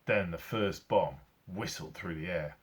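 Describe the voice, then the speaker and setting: A man's voice: deep voice, measured pace, husky. A man, a teacher, reading a children's story aloud, acting out sound effects as he goes.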